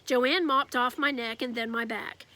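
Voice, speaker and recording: A woman reading a children's novel aloud with lively storytelling. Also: fairly high pitch, a little slow. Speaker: reader.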